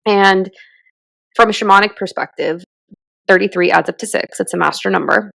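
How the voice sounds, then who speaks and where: A woman's voice: medium pitch, moderate pace, gravelly, fairly bright tone, no room sound. A woman in her thirties co-hosting a podcast, talking in a rambling, reflective way full of fillers. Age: 30s. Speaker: podcast co-host. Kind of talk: casual chat.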